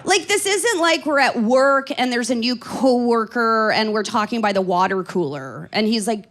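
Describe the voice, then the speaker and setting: A woman in her forties from Canada works a stand-up set into a handheld stage microphone, her voice sitting a touch high. She talks in a loose, rambling way, full of fillers and dry self-mocking asides. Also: expressive, moderate pace, hardly any pauses, a bit bright. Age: 40s. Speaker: stand-up comedian. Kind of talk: stand-up comedy.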